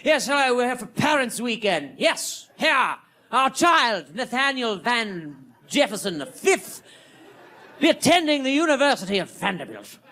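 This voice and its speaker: A man's voice: very high voice, sing-song, measured pace, pushed and bright, pitched above the performer's own voice, full character voice. A man voicing a stiff, pompous upper-crust couple of parents. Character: snooty posh parents, pompous and prim.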